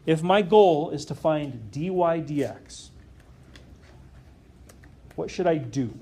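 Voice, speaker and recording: A man's voice: on the high side, lively intonation, drawn-out words, dark tone, breathy edge. A man teaching a calculus lesson to a class, often stopping to question the students and check that they follow. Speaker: math teacher.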